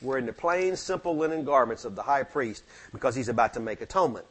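A man pastor preaching a sermon in a church, fervent, swinging between loud peaks and quiet asides. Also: medium pitch, animated, fast talker. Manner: fervent preaching that rises and drops sharply. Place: church sanctuary with amplified mic.

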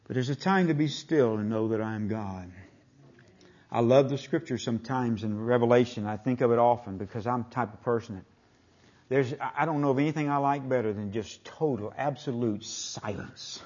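An older man preaching a sermon in a folksy way, retelling scripture in plain speech and swinging from booming declarations to near-whispers. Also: moderate pace, a little mellow, muffled recording.

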